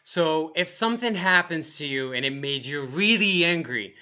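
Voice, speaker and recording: A young man teaching English phrases for feelings in an upbeat way, repeating each phrase slowly and acting the emotion out. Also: on the high side, animated, sharp tone. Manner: upbeat, acts out each feeling in slow demonstrations. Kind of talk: lively language lesson. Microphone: wearing earphones on camera.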